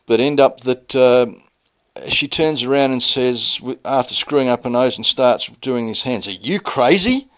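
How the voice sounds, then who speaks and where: A man's voice: mid-range voice, flat delivery, moderate pace, fairly bright tone, clean tone. A middle-aged man telling a personal story in a vlog, rambling and aggrieved, often heated. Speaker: vlogger. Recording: dull lo-fi audio.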